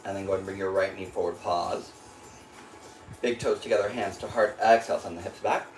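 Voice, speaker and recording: A man's voice: fairly low pitch, roomy sound, rough recording. A man leading a yoga class, calling out breaths and poses while doing them himself, a little short of breath, with an American accent. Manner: calm cueing of breath and poses, breathy while moving through the flow. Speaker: yoga instructor. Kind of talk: guided yoga class cues. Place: yoga studio.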